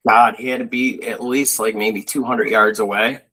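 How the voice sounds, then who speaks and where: Animated rambling man telling stories. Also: lowish voice, normal speed, husky, poor audio. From Buffalo, New York. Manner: rambling storyteller, animated, frequent fillers. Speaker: co-host. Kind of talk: casual chat.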